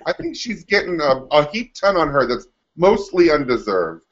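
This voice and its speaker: A man with a fairly high voice makes wry, teasing remarks as co-host of a casual recap chat. The audio is dull and lo-fi. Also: sing-song, normal speed. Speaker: podcast co-host. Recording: dull lo-fi sound.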